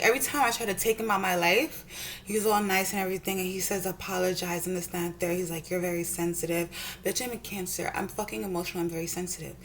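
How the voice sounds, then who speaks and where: A woman's voice: medium pitch, a bit bright, slight background noise. A young woman vlogger ranting heatedly and profanely while doing her makeup at home, often repeating herself. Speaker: beauty vlogger.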